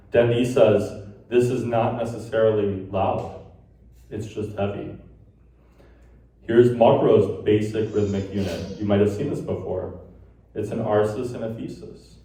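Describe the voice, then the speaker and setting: Man, lecturer, mellow dark voice, distant mic, very echoey hall. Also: lowish voice. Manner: explains while tapping out rhythms in sung syllables. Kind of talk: conference lecture.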